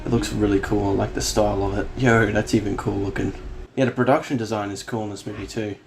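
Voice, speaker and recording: A man with a lowish, gravelly voice hosts a casual film reaction at a quick pace and a steady tone, exclaiming and swearing freely. The film's soundtrack plays behind him, and the background is noisy.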